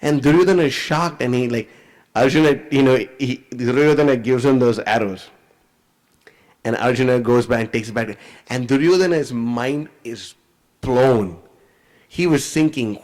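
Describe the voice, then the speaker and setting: A man preacher telling a scripture story in an animated, conversational way, full of "you know.". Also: mid-range voice, normal speed, rough recording. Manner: animated, conversational, many fillers.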